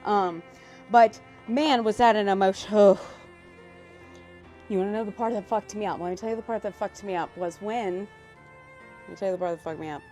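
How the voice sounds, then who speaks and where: A woman from South Louisiana with a Louisiana accent, chatting casually and rambling on a livestream, excitable and quick to swear. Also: medium pitch, faint music behind. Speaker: live streamer.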